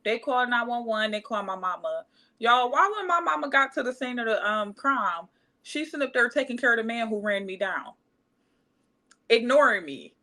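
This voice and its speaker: A woman's voice: a little high, expressive, moderate pace, pushed and bright. A woman, candidly telling a personal story in casual podcast chat and acting out other people's voices. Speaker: podcast co-host.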